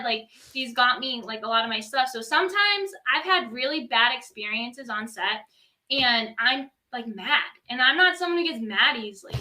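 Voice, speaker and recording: A young woman, a model, telling animated stories as a podcast guest, full of "like" fillers. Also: high-pitched. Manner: animated storytelling, many "like" fillers. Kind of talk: casual interview chat.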